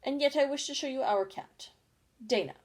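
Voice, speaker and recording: A woman's voice: high-pitched, normal speed, pitched above the performer's own voice, natural voice. A woman voicing a polite, curious young girl in a storybook reading, chatty and eager, often talking half to herself. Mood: soothing.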